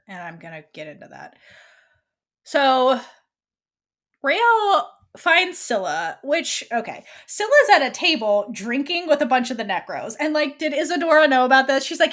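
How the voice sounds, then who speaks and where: A woman co-hosting a podcast, casually recapping a TV episode and acting out the characters' lines as she goes. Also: fairly high pitch. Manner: animated, acts out characters' lines while recapping. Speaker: podcast co-host.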